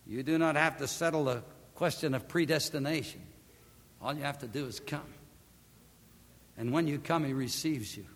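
A man's voice: a little high, normal speed, long pauses. Man preaching a dramatic sermon in a reverberant hall. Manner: dramatic swings from loud emphatic peaks to hushed near-whispers.

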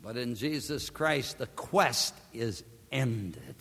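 A man's voice: medium pitch, big pitch swings, unhurried, husky. Man preaching a dramatic sermon in a reverberant hall. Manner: dramatic swings from loud emphatic peaks to hushed near-whispers.

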